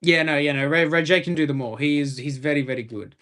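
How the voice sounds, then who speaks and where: A young Australian man talks casually on a live stream from a room in his home. His voice sits somewhat high for a man. He rambles through his points with a fan's enthusiasm. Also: quick pace, fairly bright tone. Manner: rambling, enthusiastic fan commentary.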